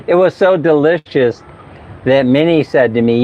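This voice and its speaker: A man's voice: on the high side, huge pitch swings, measured pace, pauses often. A man talking casually in a travel vlog, chatty and laughing often as he tells stories. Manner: chatty, laughs often, mimics people for fun. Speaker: travel vlogger. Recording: slightly dull outdoor recording.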